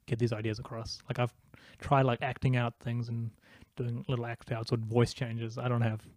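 A man's voice: mid-range voice, flat delivery, moderate pace, darkish tone, no room sound, clean studio sound. A young man born in India and raised in New Zealand, a comedian chatting casually in an interview, with an Indian and New Zealand accent tinged with American. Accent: Indian and New Zealand mix with an American tinge. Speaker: stand-up comedian, guest.

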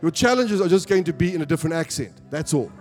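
This South African pastor has a fairly high pitch and talks fast and animatedly, delivering a sermon to his congregation that builds to emphatic calls for agreement. The church hall adds long reverb, with faint music behind him.

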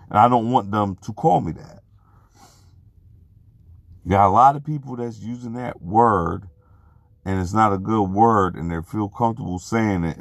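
A man giving a personal testimony in unscripted talk, earnest and halting, often restarting and repeating words. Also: sits low, creaky, no room sound, clean studio sound.

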